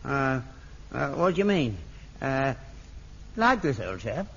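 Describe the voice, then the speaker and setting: A cheeky old codger. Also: male voice, medium pitch, big pitch swings, slow pace, highs cut off, a crowd in the background. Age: older. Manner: rambling, boastful, interrupting. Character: coarse cheeky old working-class man. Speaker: father auditioning for a play.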